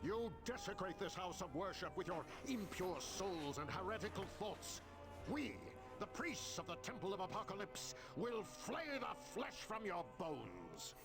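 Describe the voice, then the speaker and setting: A man's voice: high-pitched, lively intonation, measured pace, over loud music. An actor playing a zealous, menacing male temple priest in a video game, ranting and condemning.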